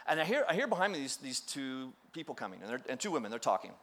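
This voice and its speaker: A man's voice: medium pitch, sing-song, quick pace, a bit bright. A middle-aged man preaching a sermon, telling stories with playful acted-out quotes and self-deprecating humor. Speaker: pastor.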